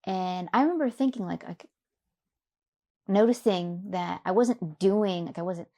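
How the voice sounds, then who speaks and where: A young adult woman from Louisiana, an interview guest telling her own story in a reflective, soft-spoken way with many fillers. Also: fairly low pitch, unhurried. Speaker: podcast guest. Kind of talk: personal story in a conversational interview.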